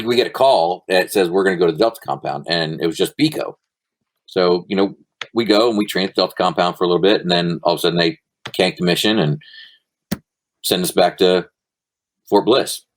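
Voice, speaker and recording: Middle-aged male guest with a lowish voice; relaxed, rambling anecdotes with fillers and swearing. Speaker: guest, former Army Ranger. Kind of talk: casual storytelling interview.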